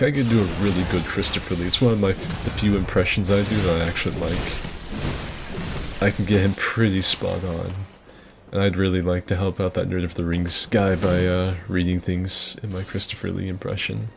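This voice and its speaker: A young man in his twenties rambles through casual game-stream chatter at home, swearing freely and keeping his voice low so he won't wake anyone. His voice sits very low with a gravelly fry. Steady noise hisses underneath. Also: moderate pace. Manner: rambling, chatty storytelling with swearing, kept fairly quiet. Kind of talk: casual gameplay commentary.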